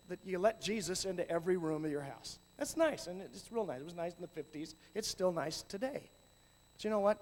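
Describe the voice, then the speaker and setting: A middle-aged man giving a talk on youth ministry, swinging from hushed, slow passages to loud, animated storytelling. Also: sits high. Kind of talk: conference talk. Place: large hall with audience. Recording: long hall reverb.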